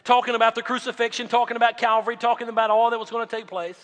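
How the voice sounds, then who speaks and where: A male pastor preaching a sermon, swinging between loud emphatic lines and quiet low drops. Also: monotone, rapid-fire, in a large hall.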